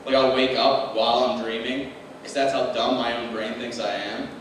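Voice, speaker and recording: A man's voice: medium pitch, little pitch movement, moderate pace. A young man doing open-mic stand-up comedy, rambling and self-deprecating, often laughing at his own jokes. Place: small club with live audience. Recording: echoey room recorded from a distance, noisy.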